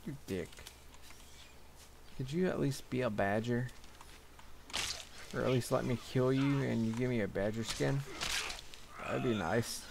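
A young man mutters his way through a game in an unhurried, gravelly voice, cursing and complaining to himself. His slow, rough delivery sits over faint game sounds in the background. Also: medium pitch, background noise. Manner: grumbling, profane, talking to himself. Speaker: gaming channel host. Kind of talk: casual gameplay commentary.

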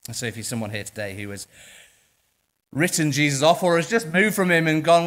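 A man with an English accent preaching a sermon in church, impassioned, swinging between quiet passages and loud ones. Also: on the high side, expressive, fast talker. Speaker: pastor.

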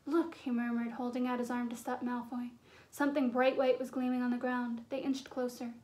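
A woman narrating a fantasy novel as an audiobook, in a measured, suspenseful storytelling manner. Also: on the high side, level tone, a little mellow. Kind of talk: storybook reading.

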